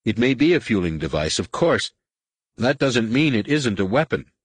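A man's voice: mid-range voice, big pitch swings, normal speed, slightly rough, dry recording, pitched above the performer's own voice. A man voicing an intense, insistent young Jedi. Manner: insistent, urgent.

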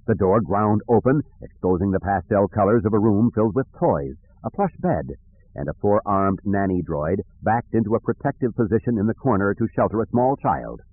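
A man narrating an audiobook in a measured, even storytelling manner. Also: on the low side, breathy edge. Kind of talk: scripted narration. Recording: dry tinny phone-like recording.

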